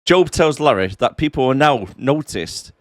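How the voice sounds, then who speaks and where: A man's voice: mid-range voice, lively intonation, moderate pace, dry recording. A man with a mid-range voice that rises and falls freely as he narrates the plot. He drops in short, dry quips between the other host's stories. The sound is close and dry. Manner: dry wisecracks, short replies. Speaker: podcast co-host. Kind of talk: casual movie recap chat.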